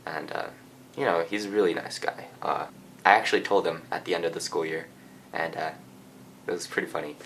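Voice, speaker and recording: Deep-voiced teen guy telling a rambling story. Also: brisk, vocal fry, slight background noise. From Japan. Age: teens. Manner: rambling, lots of filler and restarts, soft-spoken. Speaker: vlogger. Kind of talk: casual confessional storytelling.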